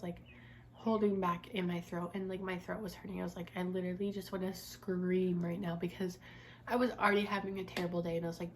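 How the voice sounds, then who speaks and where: A young woman recounts a bad day at school in a loose, rambling way, leaning on "like" as she goes. Her voice sits at a middle pitch, and a faint hiss of noise runs behind her. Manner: rambling, frustrated, lots of "like". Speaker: vlogger. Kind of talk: casual storytime.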